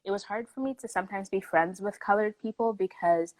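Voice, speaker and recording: A young woman, originally from South Africa but speaking with a Canadian accent, chats casually as a guest and tells stories packed with "like." Her mid-range voice is brisk and a little mellow. The recording is rough, with no room sound.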